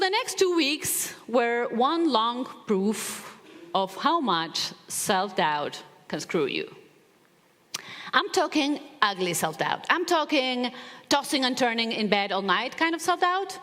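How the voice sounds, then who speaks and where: Woman motivational speaker, expressive storyteller, mid-high voice, long hall reverb. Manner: animated, acts out quoted voices.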